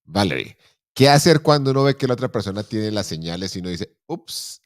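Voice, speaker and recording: A middle-aged man hosts a chat show with a very low voice and a quick, rolling delivery. He asks questions and stumbles over repeated words while he thinks. The sound is close and dry. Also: animated, no echo. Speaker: show host. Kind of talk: conversational interview in Spanish.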